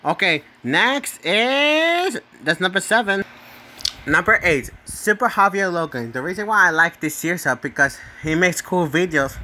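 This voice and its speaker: A man with a bright, fairly high voice talks very slowly through a casual on-screen ranking. He rambles, circles back to the same points, and keeps tagging "right?" onto his sentences. He stumbles over names and corrects himself as he goes. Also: expressive. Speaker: channel host.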